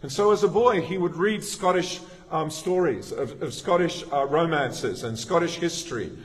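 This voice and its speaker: A middle-aged pastor delivers his sermon at an ordinary speed in a fairly high voice, preaching through anecdotes in a casual, talky way. He keeps restarting his sentences, and the church hall's long reverb surrounds everything he says.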